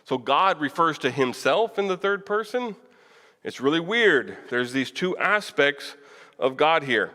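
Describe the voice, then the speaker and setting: A man's voice: a little high, sing-song, a little slow, pushed and bright. A man preaching in a casual, conversational way, asking the room questions and chuckling now and then. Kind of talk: Bible class teaching. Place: church hall. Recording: long church reverb.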